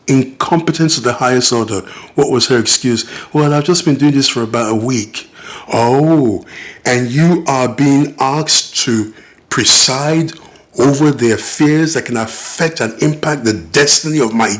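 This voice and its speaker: A middle-aged British-born man and father, making an indignant, emphatic personal appeal to camera and acting out the voices he quotes. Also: mid-range voice. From Britain. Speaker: father and vlogger.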